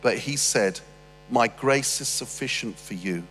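A man's voice: medium pitch, measured pace. A man preaching a sermon, reading scripture and breaking off into humorous asides. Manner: humorous, animated storytelling with asides. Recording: long reverb with faint music.

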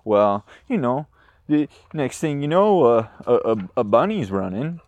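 A man hosting a podcast, telling a rambling story in casual chat from his car, animated and swearing, trailing off and restarting. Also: medium pitch, measured pace, no echo, lo-fi sound. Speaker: podcast host. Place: in his car, parked then driving. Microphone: handheld audio recorder.

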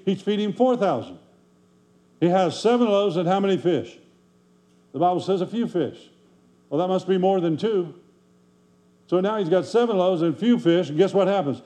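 A pastor with a high, mellow voice preaches a folksy, conversational sermon. He peppers the congregation with rhetorical questions.

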